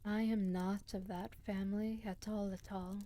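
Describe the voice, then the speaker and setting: A woman voicing a superstitious old peasant crone in a storybook reading, speaking softly and often half-whispered. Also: mid-range voice, level tone, a little slow, close to an everyday voice. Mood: solemn.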